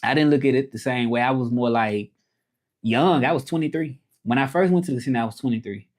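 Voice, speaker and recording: A man talks fast in a mid-range, slightly mellow voice as he hosts a casual livestream from home in Mexico. He rambles, starts sentences over, and reads out comments from the chat.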